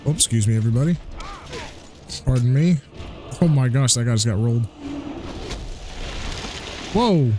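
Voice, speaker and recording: Excitable man giving game commentary. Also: medium pitch, normal speed, long pauses. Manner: excitable, exclamatory, trash-talks the enemies. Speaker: gaming channel host. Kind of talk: let's play commentary. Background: game music.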